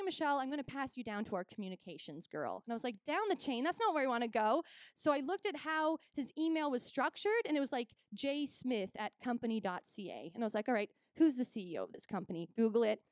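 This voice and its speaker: In a clean, dry studio recording, a young Canadian woman with a fairly high voice performs stand-up comedy. She tells stories with animation, acting out each side of the conversations.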